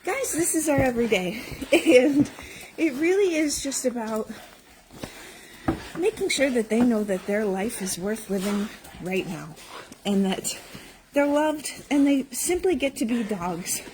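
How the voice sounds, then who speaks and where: In a barn full of dogs, a woman who runs an animal rescue films a casual morning vlog on a handheld phone camera. Her voice is on the high side and animated, her pace measured, with background noise around her. She laughs often and talks affectionately to the dogs.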